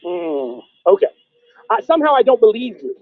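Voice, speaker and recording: A man hosting a call-in stream, grilling a caller with sarcastic, accusing rapid-fire questions. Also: very high voice, animated, vocal fry, dry recording, narrow, tinny audio. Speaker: stream host. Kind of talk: heated confrontational call-in argument.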